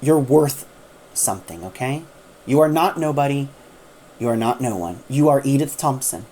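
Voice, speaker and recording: Young woman companion, stammering, low voice; a woman reads her. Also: expressive, mellow, a little hiss or hum. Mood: heartfelt. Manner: halting, stammering speech. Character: young woman traveler, pained then resolved.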